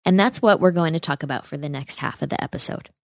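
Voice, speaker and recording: A woman's voice: low-pitched, fast talker, vocal fry, dry recording, studio quality. A woman hosting a political commentary podcast, speaking emphatically and throwing out sarcastic rhetorical questions. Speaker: podcast host.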